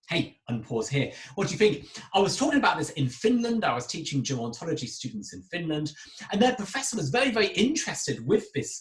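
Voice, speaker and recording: A man's voice: fairly high pitch, a bit bright, reverberant, poor audio. A man with an English accent, giving a recorded university lecture and talking chattily to his students with direct questions. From Britain.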